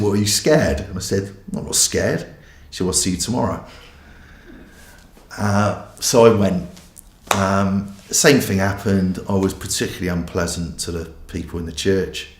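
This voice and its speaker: Low-voiced bloke, pastor, telling his own story frankly, bit of room echo. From England. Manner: candid, self-mocking storytelling. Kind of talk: personal testimony.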